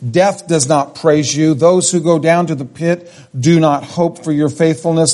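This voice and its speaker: Mellow-voiced man preaching verse by verse. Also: fairly high pitch, steady tone, normal speed, few pauses. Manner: expository, reads and explains scripture verse by verse. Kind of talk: sermon.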